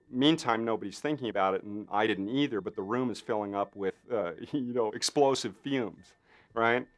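A man in an interview, a special effects artist telling a behind-the-scenes story with lots of fillers and acted-out voices. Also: on the low side. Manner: animated storyteller, acts out others' lines with lots of fillers. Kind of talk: anecdotal interview.

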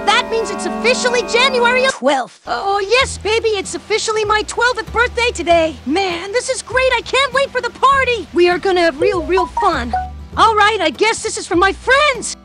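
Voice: lively intonation, normal speed, over music. A voice actor playing an eager, whiny twelve-year-old boy in a game machinima who talks to himself. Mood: excited. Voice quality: very high, squeaky childlike voice. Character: excited 12-year-old boy on his birthday.

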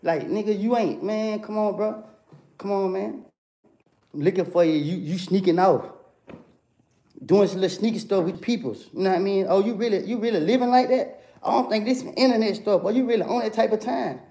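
A young man ranting heatedly into a livestream, calling someone out and circling back to "bro" and "come on, man" again and again. His voice sits a little high for a man, with a warm, dark-toned mellowness under the confrontation. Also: a little fast. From Atlanta, USA.

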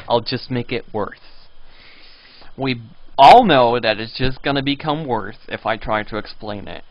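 A young man live-streaming a game and chatting with viewers in a playful, teasing way, now and then breaking into high squealing pleas. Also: no room sound. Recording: dull lo-fi stream audio.

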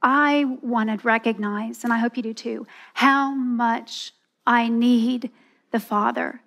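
A woman's voice: on the high side, steady tone, slow pace, fairly bright tone. A woman giving a sermon at a women's church event, earnest and telling a personal story. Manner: earnest, storytelling, acts out voices with laughs.

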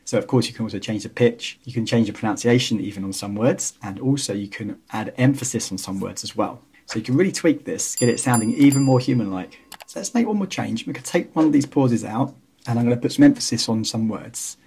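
A man hosting a casual software tutorial, explaining each step in a relaxed, chatty way. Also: mid-range voice, a little fast, breathy edge. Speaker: tutorial host. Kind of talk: casual screen-recorded software walkthrough.

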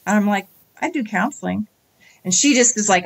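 A woman's voice: medium pitch, animated, normal speed, no echo. A middle-aged woman, an interview guest, telling her story candidly and animatedly, acting out quoted dialogue.

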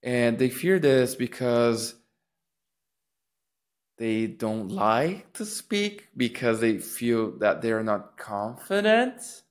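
A man's voice: mid-range voice, expressive, drawn-out words. A man teaching public speaking in a casual lesson, thinking aloud with restarts and acting out rising and falling intonation on sample phrases. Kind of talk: casual instructional talk.

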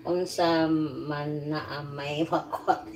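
Lady doing a chill cooking livestream, slow and kinda low, chatting up viewers, lots of little laughs. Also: a little hiss or hum. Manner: playful, greets and thanks viewers by name, chuckles often. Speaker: livestream host. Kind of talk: casual live-stream chat while cooking.

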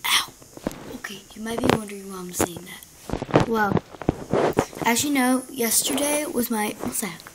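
A woman's voice: fairly high pitch, a little slow, very noisy. A female vlogger telling a dramatic story about her injured ankle to the camera, chatty and sometimes dropping into a whisper.

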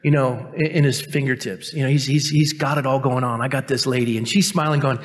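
The voice is mid-range, steady and brisk: a male pastor in his fifties giving a sermon in a church sanctuary. Conversational and self-mocking, he relates a personal story and imitates the people he quotes.

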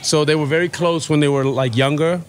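Relaxed man with a mid-Atlantic accent. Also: a little high, fairly quick. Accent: mid-Atlantic mix of American and South African. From born in South Africa, raised in the US. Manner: relaxed, rambling storyteller with many fillers. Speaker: podcast guest. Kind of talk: casual interview chat. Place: podcast studio.

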